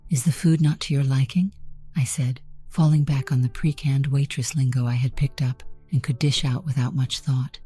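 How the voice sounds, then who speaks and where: A woman narrating a first-person story in an even, measured way. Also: extremely low pitch, breathy edge.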